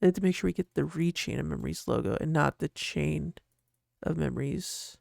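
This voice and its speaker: A host rambles through a design session in a relaxed, gravelly voice, often cutting off mid-thought and laughing. The voice sits close to a desk mic in a dry room with no echo. Their pitch is middling. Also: a little fast. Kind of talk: casual commentary while designing.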